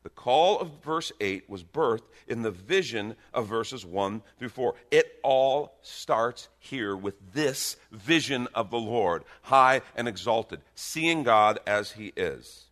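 A man preaching a sermon, emphatic and lively, swinging from soft, hushed moments to loud declarations with joking asides. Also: mid-range voice, slow, hardly any pauses. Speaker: pastor.

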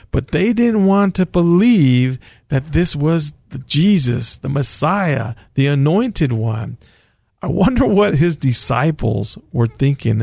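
A man teaching the Bible on the radio, taking his time over each phrase. His voice is somewhat high for a man and has a gravelly fry, and it sits close and dry with no room sound. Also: darkish tone, dry recording. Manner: storytelling retelling of scripture, earnest. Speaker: radio show host teaching scripture.

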